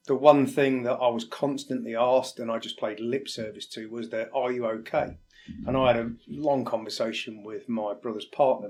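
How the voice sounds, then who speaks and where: A man from England talks in a reflective interview. He is a firefighter whose pitch sits in the middle range. His speech is candid and halting, and he sometimes acts out the conversations he quotes. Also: a little mellow. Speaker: firefighter guest.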